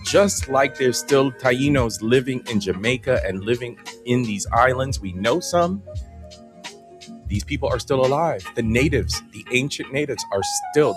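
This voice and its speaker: A man hosting a casual late-night livestream, greeting viewers by name and chatting in a laid-back way. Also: medium pitch. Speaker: host. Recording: music playing behind.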